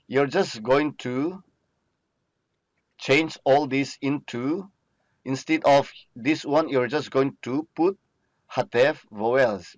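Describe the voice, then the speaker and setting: Slow-spoken male grammar teacher. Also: mid-range voice, dry recording, highs cut off. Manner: repetitive, checks in with "okay?". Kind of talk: recorded grammar lecture.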